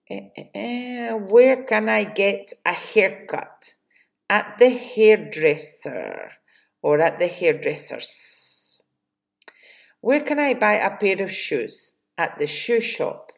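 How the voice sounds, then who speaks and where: A Spanish-speaking woman with a Spanish accent teaches English vocabulary. She talks very slowly and carefully, reading out each question and answer. Her voice has a gravelly edge. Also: medium pitch. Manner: slow and deliberate, reading drill questions and answers. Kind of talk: slow vocabulary lesson.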